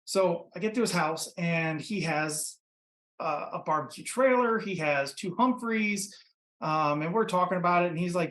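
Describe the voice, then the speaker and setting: A man from Ohio, a podcast guest and pitmaster, telling his story in a relaxed, rambling way full of fillers. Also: high voice, normal speed, echoey room, a little hiss or hum. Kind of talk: casual interview storytelling. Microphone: computer mic.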